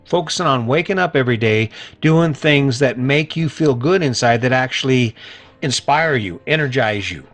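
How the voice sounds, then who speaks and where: A man's voice: medium pitch, expressive, moderate pace, a bit bright, faint music behind. A man hosting a casual motivational podcast in a folksy, chatty way, often tagging his points with "right?". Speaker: podcast host. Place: lives in an RV.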